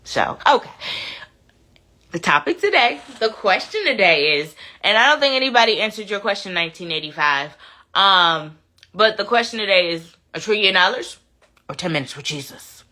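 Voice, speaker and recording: A woman's voice: medium pitch, lively intonation, normal speed, pushed and bright. A woman hosting a casual live chat, reading viewer comments aloud, laughing and talking back to them. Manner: chatty, laughs often, talks back to commenters.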